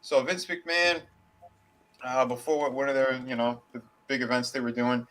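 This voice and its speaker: A podcast co-host on a casual wrestling show tells a long story in a steady, fairly bright, mid-range voice at normal speed. He rambles with plenty of fillers, restarts, and casual swearing, on a low-quality recording.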